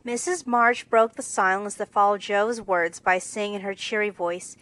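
A woman narrating a classic novel in a steady, clear scripted reading. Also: medium pitch, normal speed, few pauses, no room sound, poor audio. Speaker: audiobook narrator.

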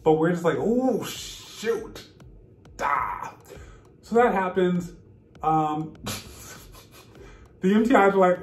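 A man's voice: on the high side, moderate pace, echoey room, faint music behind. A man vlogging casually, telling a story with laughter and acting out what people said. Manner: animated, laughing, acts out quotes.

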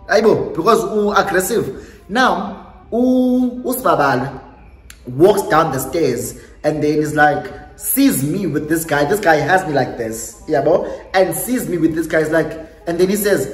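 A young South African woman telling a storytime on her vlog in a lively way, slipping Xhosa phrases into her English. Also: lowish voice, normal speed. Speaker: YouTuber. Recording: echoey room with faint music.

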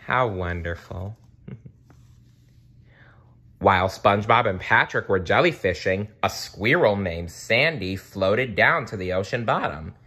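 A man reads a children's storybook aloud in a low, unhurried voice. His tone is bright, and his pitch moves in a lively way. He stumbles now and then and fixes his words. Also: husky. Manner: expressive, occasional slips and self-corrections. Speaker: storybook reader. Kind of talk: children's book read-aloud.

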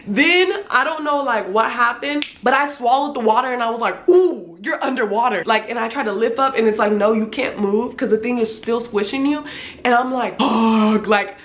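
A woman in her twenties, a little hoarse, retelling a scary experience in a casual, animated storytime vlog, swearing freely. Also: fairly high pitch, fairly quick, roomy sound. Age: 20s. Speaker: vlogger.

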